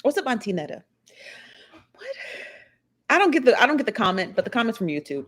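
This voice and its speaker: A woman's voice: fairly high pitch, big pitch swings, fairly quick. A woman hosting a live stream, chatting her opinions and reading viewer comments aloud. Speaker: livestream host reading chat. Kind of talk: casual chat.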